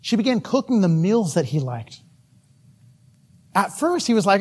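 Brief: animated male preacher, husky tone, storytelling sermon. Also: high voice, measured pace.

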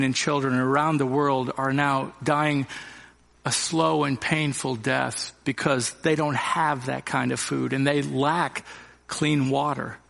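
Gravelly male pastor in a reverberant church. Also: mid-range voice, fairly bright tone. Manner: earnest, addresses the congregation directly with rhetorical questions. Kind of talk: sermon. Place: church sanctuary. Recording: long reverb of a church hall.

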